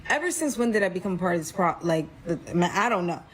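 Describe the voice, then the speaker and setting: A woman telling a personal story in a casual, animated way, acting out quotes and saying "like" a lot. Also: fairly low pitch, quick pace, slight background noise. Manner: animated, acts out quotes, frequent "like". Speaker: storyteller guest.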